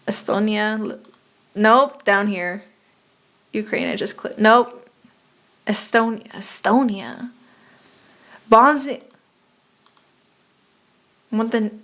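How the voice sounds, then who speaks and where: A woman's voice: on the high side, fairly bright tone. A young woman streaming a geography game, chatting casually and muttering profanely in exasperation as she plays.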